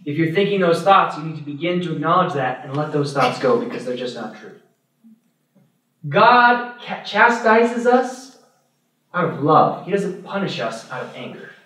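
A fairly high-voiced man teaches as a priest, speaking loosely and checking in with his listeners. His voice bounces around a very echoey room. He sounds set well back from the microphone. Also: expressive, moderate pace, pushed and bright. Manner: conversational, checks in with "right?" and "okay?"; acts out other people's thoughts in little voices. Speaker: Catholic priest teaching adults. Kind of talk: parish adult-formation talk. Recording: very echoey room, mic far off.

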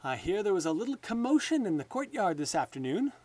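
A man voicing a pampered, naive king who speaks in excitable exclamations. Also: high voice, a little fast, dry recording, pitched above the performer's own voice. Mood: indignant.

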